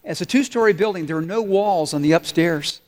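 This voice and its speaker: A man with a fairly high voice preaches a sermon from the pulpit. He keeps asking the congregation to call out the next word of a line. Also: brisk, a little mellow. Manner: asks the congregation to fill in words. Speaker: pastor. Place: church.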